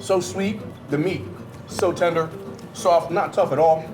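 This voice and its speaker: A man's voice: on the high side, fairly even intonation, unhurried, music in the background. A man hosting a food show, tasting dishes with exuberant, exclamatory, slangy commentary.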